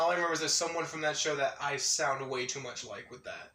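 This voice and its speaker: A man rambling excitedly in a casual vlog, laughing often and restarting his sentences. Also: on the high side, fast talker, few pauses, roomy sound, far from the mic. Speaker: anime vlogger.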